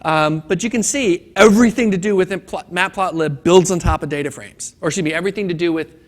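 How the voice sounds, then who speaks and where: A training instructor with a high, brisk voice gives a classroom lecture at a conference session. He's running a hands-on data class, chatting casually with the room and cracking a corny joke.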